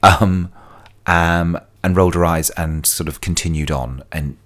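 A man's voice: low-pitched, steady tone, unhurried. A man telling stories on his solo podcast, chatty and prone to digressions and sidebars. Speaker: podcast host. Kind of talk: casual solo podcast storytelling.

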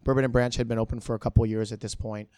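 A man's voice: medium pitch, very fast, clean tone, dry recording. Middle-aged man telling a story, dry sound. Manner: relaxed, rambling, frequent restarts. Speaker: bartender guest. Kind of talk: casual storytelling in an interview.

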